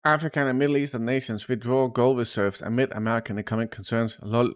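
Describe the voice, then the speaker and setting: Male streamer, casual and profane, mid-pitched, very dry close mic. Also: fairly even intonation, quick pace, clean tone, no echo. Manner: loose, swearing, says "dude" often. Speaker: live streamer reacting to news. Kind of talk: casual chat.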